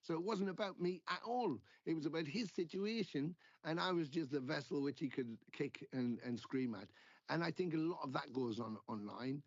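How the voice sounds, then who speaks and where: A middle-aged man with a gravelly voice that sits a little high, telling stories in a casual interview. He acts out the people he quotes and swears freely. The sound is dry and dull, with no room around it. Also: normal speed, dry recording. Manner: animated storyteller, acting out quoted exchanges, swears freely. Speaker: guest musician.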